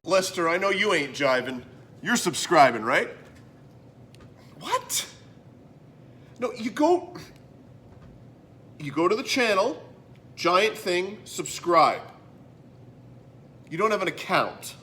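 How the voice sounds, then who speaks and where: A man hosting his own comedy web show, talking to camera in a rambling, sarcastic monologue that swings from mutters to loud bursts. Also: high-pitched, lively intonation, measured pace, pauses often, husky. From Canada.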